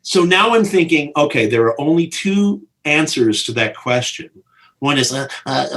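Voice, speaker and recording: A man's voice: fairly high pitch, normal speed. A middle-aged man, a film director, telling behind-the-scenes stories in an interview and acting out the people he quotes. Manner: animated storyteller who acts out quotes with big voices. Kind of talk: storytelling in an interview.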